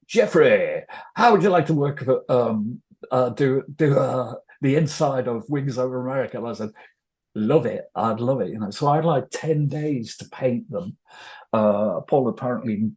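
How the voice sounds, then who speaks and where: Speaking in a lowish, slightly mellow voice, this older North Welsh man spins self-deprecating, wandering stories as a guest in a relaxed interview.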